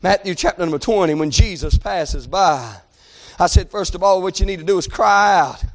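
Preacher guy, real high voice, rhythmic, shouts and kinda sings the lines. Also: normal speed. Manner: rhythmic preaching, swings into shouting and half-singing. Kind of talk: sermon.

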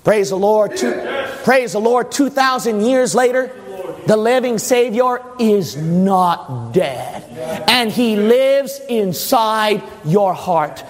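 A male preacher gives an impassioned sermon in a church hall. He tells the story dramatically in a very high, lively voice. Every phrase rings out in a long hall reverb. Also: slow pace. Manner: dramatic storytelling, rising into shouting.

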